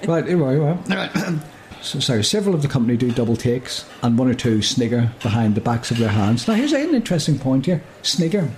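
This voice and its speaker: A man's voice: mid-range voice, very animated, fairly quick, darkish tone, a little hiss or hum. A man reading a story aloud and chatting about it in a jokey way. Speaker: story reader. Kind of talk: casual reading and chat.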